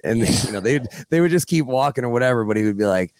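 A man's voice: medium pitch, animated, racing, darkish tone, dry recording, clean studio sound. A man hosting a podcast, talking loosely in a casual chat and often restarting his sentences. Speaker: podcast host.

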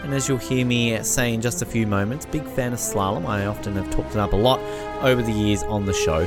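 A man's voice: lowish voice, brisk, loud music behind the voice. An Australian man hosting a podcast interview, talking in an upbeat, enthusiastic and chatty way. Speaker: podcast host.

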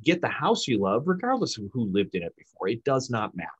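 A man explaining communication techniques in an emphatic, animated coaching manner. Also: mid-range voice, fast talker, slightly rough, dry recording, highs cut off. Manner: emphatic, animated, acts out example lines. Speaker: sales communication guest expert.

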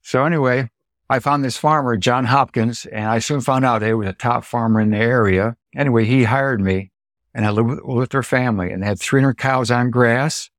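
A man's voice: medium pitch, normal speed, no echo, studio quality. A man in his seventies from Illinois, a dairy farmer telling stories from his life, acting out the quoted voices. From Illinois, United States. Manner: animated storyteller, acts out quoted dialogue. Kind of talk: storytelling interview.

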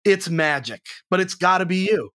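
Energetic, blunt man with a dry, close sound. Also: normal speed, no echo. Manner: energetic and blunt, swears freely, jumps high in pitch for emphasis. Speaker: sales trainer, podcast guest. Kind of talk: casual interview chat.

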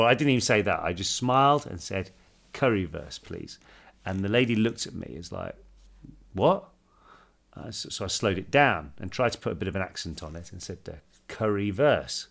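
A man chatting casually on a podcast, his voice a little lower than most. He reads listener letters aloud and tells stories with a lively, rising and falling delivery. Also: vocal fry. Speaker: podcast co-host.

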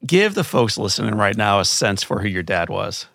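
A man's voice: fairly low pitch, very animated, normal speed, gravelly, fairly bright tone, no room sound, clean studio sound. A man hosting an interview, asking guiding questions and sharing his own stories in a plain, earnest way. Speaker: interview host. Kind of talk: conversational interview.

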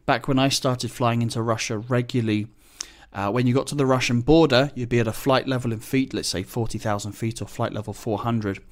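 Chatty pilot explaining procedures. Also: male voice, medium pitch, brisk. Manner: chatty, relaxed, explains technical terms plainly. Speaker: business jet pilot. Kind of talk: casual explanatory monologue.

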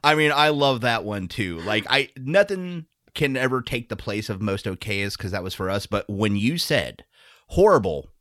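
A man's voice: lowish voice, expressive, normal speed, few pauses, bright, forceful tone, no echo, studio quality. A man as guest co-host in a casual podcast chat, playful and laughing a lot.

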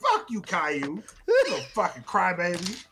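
A man's voice: high-pitched, huge pitch swings, moderate pace, background noise. A man co-hosting a comedy podcast, ranting and mock-scolding with plenty of swearing in casual chat. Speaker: podcast co-host.

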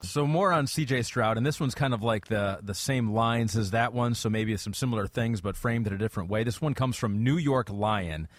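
A man's voice: mid-range voice, normal speed, few pauses, dry recording, clean studio sound. A man hosting a football podcast, reading out listener questions in an easygoing, joking way. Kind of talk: casual football podcast chat.

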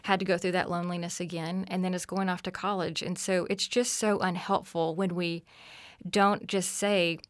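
A woman's voice: lowish voice, level tone, normal speed, no room sound, clean studio sound. A woman in her forties, a podcast guest, telling stories about her children in an earnest, reflective way. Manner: earnest, reflective, acts out family dialogue. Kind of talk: conversational storytelling.

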